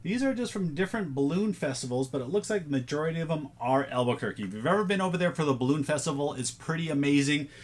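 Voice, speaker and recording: A man's voice: on the high side, lively intonation, quick pace, hardly any pauses. A man casually chatting through a thrift haul, thinking aloud as he sorts items. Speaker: reseller showing a thrift haul. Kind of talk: casual vlog chat.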